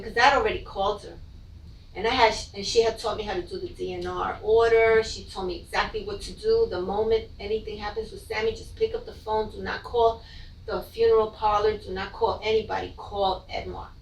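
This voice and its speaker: A middle-aged woman, a mother, gives an emotional, halting personal account of her child's death, often repeating her words. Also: medium pitch, fairly even intonation, gravelly. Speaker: bereaved mother telling her story. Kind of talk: personal testimony. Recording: echoey room, from a distance.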